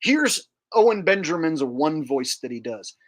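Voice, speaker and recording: A man's voice: fairly high pitch, sing-song, measured pace. A man hosting his own channel and giving a casual commentary rant in a sneering, boastful tone, swearing freely. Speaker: channel host.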